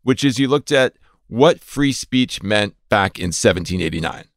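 A man's voice: lowish voice, lively intonation, moderate pace, no room sound, clean studio sound. A man hosting a podcast interview, asking questions with a wry, teasing manner. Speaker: podcast host.

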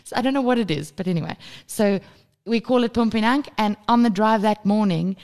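A woman in her thirties co-hosting a casual parenting podcast, telling a story with lively acted-out moments and plenty of swearing. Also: medium pitch, a little fast. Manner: animated storytelling, acts out screaming child, swears freely. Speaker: podcast co-host. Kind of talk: casual chat.

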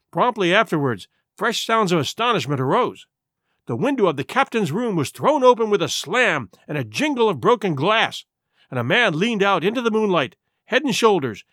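Male audiobook narrator, high lively voice, dramatic reading, dry close sound. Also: no room sound. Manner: dramatic, expressive storytelling.

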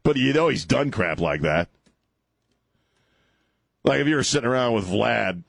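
A man's voice: medium pitch, big pitch swings, moderate pace, vocal fry, pauses often, a bit bright, no room sound. A male talk radio host ranting and mocking on a call-in show, laughing at his own jokes. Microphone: studio microphone.

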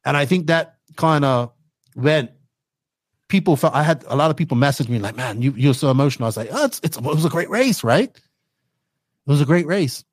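A young man from Bermuda with a fairly high voice, talking as a race commentator being interviewed on a podcast. He tells his stories in an animated, excitable way and acts out his own reactions. The sound is dry and close. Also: fairly quick, dry recording. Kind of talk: casual interview storytelling.

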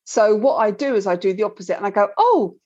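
A woman's voice: mid-range voice, very fast, darkish tone. Woman, parenting guest, earnest, self-correcting, muffled lo-fi audio. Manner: earnest, repeats words while explaining. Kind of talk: explaining in a conversation. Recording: dull lo-fi sound.

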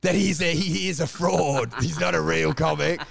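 Aussie bloke on a podcast, fairly high voice, swears constantly, mocking rant, laughs a lot. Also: male voice, normal speed, gravelly, a crowd in the background. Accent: Australian. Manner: ranting, profane, mocking, laughs often. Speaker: podcast co-host. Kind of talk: crude comedic podcast chat.

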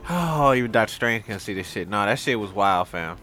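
A young man co-hosting a podcast, loud and animated with slang-heavy banter. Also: lowish voice, normal speed, faint music behind. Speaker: podcast co-host. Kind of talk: casual chat.

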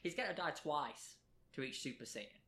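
A man's voice: fairly high pitch, moderate pace, creaky, slight background noise. Playful man co-hosting a nerd podcast. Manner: playful, teasing, gets excited about anime. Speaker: podcast co-host. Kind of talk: casual chat.

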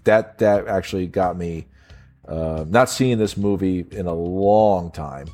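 A man's voice: low-pitched, slow pace, a little mellow. A man co-hosting a casual film review chat, blunt and mocking, swearing freely. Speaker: podcast co-host. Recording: faint synth music behind.

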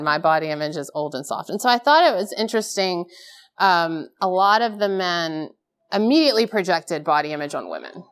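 A woman in her thirties giving a live talk at a conference, candid and self-deprecating, often laughing at herself. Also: fairly low pitch. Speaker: conference speaker. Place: conference stage before a live audience.

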